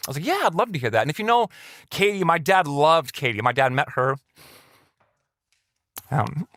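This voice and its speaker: A man's voice: fairly high pitch, dry recording, clean studio sound. A man preaching a sermon as a pastor, telling a personal story in a conversational way and acting out quoted people in a raised voice. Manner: conversational, animated quoting of others in raised voice. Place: church setting.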